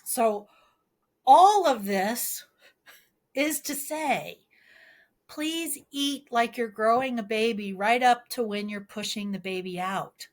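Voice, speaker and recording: A woman's voice: a little high, slow pace. A woman midwife talking in a podcast interview, explaining earnestly with homely analogies and pleading advice.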